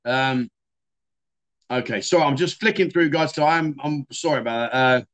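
A man's voice: medium pitch, normal speed, fairly bright tone. Chatty man hosting a livestream. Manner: chatty, self-deprecating, calls viewers mate. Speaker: livestream host. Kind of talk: casual livestream chat reading comments.

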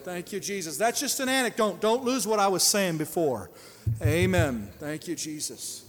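A man preaching a sermon as pastor, emphatic and building to loud prayer. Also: high voice, animated, normal speed, long reverb tail.

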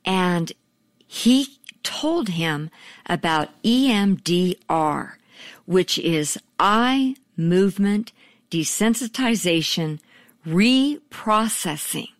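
A woman host narrates a guest's story in a measured, explanatory way. She speaks slowly. Her voice sits fairly low. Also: lively intonation. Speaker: podcast host. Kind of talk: scripted narration.

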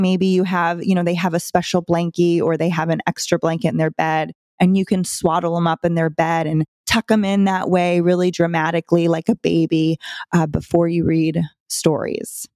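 A woman's voice: lowish voice, flat delivery, moderate pace, a little mellow, no echo, studio quality. A woman hosting a parenting podcast, giving casual advice in a conversational way with chuckles between stories.

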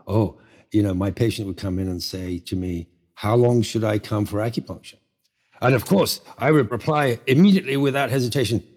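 A man's voice: medium pitch, warm tone. A middle-aged man speaking as a guest in a conversational interview, thoughtful and rambling, full of asides. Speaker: guest, herbal medicine teacher.

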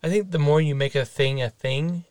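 A man's voice: fairly high pitch, normal speed, darkish tone, no echo. A man co-hosting a casual podcast, offering supportive, reflective comments. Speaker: co-host.

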